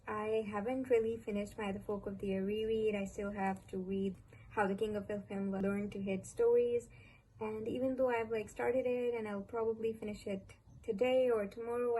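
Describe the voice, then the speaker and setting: A woman's voice: mid-range voice, warm tone, poor audio. A young woman from Pakistan with a Pakistani English accent, chatting casually and gushingly about books on her vlog, often repeating herself for emphasis. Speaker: book vlogger. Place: home, street vendor calls outside. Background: faint street noise.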